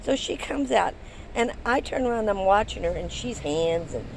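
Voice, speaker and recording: A woman's voice: medium pitch, expressive, normal speed, creaky, a little hiss or hum, low-quality recording. An older woman vlogging from her van, telling a story in a chatty, rambling way with many ums and restarts. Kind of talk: casual storytelling to camera.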